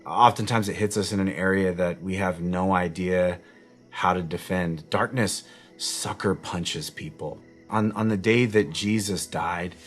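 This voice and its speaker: A man, a pastor, giving an earnest and conversational devotional sermon outdoors in his backyard at nightfall. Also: low-pitched. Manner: reflective, conversational, earnest, with frequent restarts.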